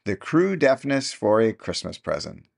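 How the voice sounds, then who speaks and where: A man's voice: on the low side, very animated, moderate pace, vocal fry, darkish tone, husky, full character voice. A man voicing a sly old countrywoman who has long pretended to be deaf, speaking in a rustic dialect with a knowing chuckle. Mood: conspiratorial.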